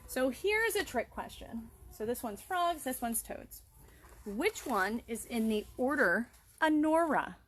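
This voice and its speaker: Woman, wildlife educator, somewhat high voice, cheerful kids' lesson, outdoors by a pond. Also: big pitch swings, slow pace, a bit bright, a little hiss or hum. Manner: cheerful, explanatory, talks to the audience as "guys". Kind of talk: live-streamed nature lesson for children.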